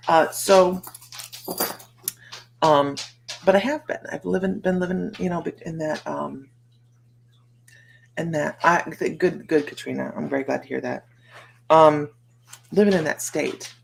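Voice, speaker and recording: A middle-aged American woman with a low voice and a lot of fry talks casually to her livestream viewers. She rambles and greets people by name as she goes. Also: normal speed. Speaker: psychic livestream host.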